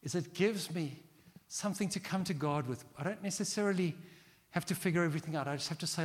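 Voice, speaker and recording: A middle-aged man preaching a sermon as pastor, animated and acting out quoted prayers. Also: fairly high pitch, brisk. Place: large church hall. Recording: long hall reverb.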